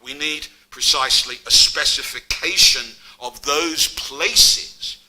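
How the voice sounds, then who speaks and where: A man's voice: a little high, takes it slowly, bright, forceful tone, rough recording. A middle-aged man giving an academic public lecture, mixing scholarly narration with wry asides.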